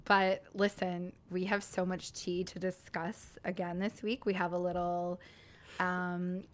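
Young female podcast co-host; husky from illness; sassy, playful, gushing. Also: lowish voice, flat delivery, measured pace. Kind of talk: casual chat.

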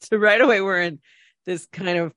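A woman's voice: medium pitch, moderate pace, fairly bright tone, dry recording, studio quality. A woman co-hosting a podcast, telling a casual, rambling anecdote with restarts and self-corrections. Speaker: podcast co-host. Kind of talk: casual storytelling chat.

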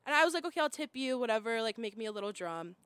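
A young woman tells a story in a lively, animated way, jumping into the voices of the people she quotes. Her voice sits high, and the sound is dry and close, with no room around it. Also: racing, clear, resonant tone, no room sound. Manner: animated, acts out quoted voices, laughs often. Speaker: guest storyteller. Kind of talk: casual storytelling chat.

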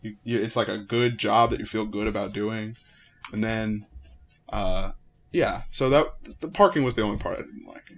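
A man's voice: lowish voice, normal speed. Male co-host, laid-back and chatty, casual talk among friends in a basement. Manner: relaxed, easygoing, with frequent fillers. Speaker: podcast co-host. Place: home basement.

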